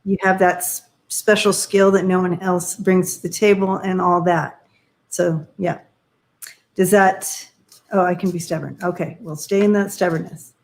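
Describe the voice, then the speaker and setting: A woman doing tarot readings on a live stream, talking in a halting, searching way with many fillers while giving gentle advice. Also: on the low side, flat delivery. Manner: encouraging, gives gentle advice. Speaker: tarot reader.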